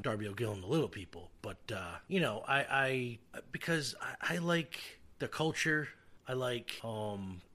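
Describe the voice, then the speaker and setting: A man's voice: on the high side, a bit bright. A man hosting a podcast alone, rambling in a jokey, self-deprecating way. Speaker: podcast host. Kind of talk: casual solo podcast chat.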